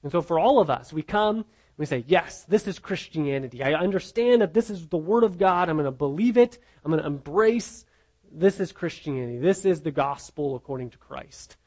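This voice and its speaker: A man's voice: fairly high pitch, expressive, moderate pace, darkish tone. A man teaching a casual sermon-style Bible lesson to a group, conversational and repeating his words as he goes. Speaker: pastor teaching a Bible class.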